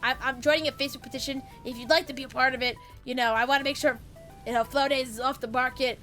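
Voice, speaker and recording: A woman's voice: high voice, steady tone, fast, pushed and bright, soft background music. A woman quoting a ranting man on a bad date. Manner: ranting, insistent.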